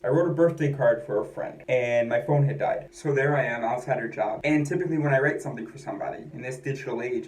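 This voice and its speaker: Candid American man musing aloud, average pitch, reverberant room sound. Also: a little mellow. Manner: rambling, self-questioning, candid. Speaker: vlogger. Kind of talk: personal monologue. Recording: echoey room.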